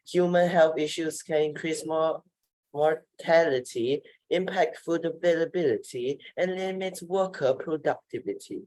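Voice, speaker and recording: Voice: mid-range voice, a little slow, a little mellow, low-quality recording. A student reading a passage aloud to the class, carefully and steadily.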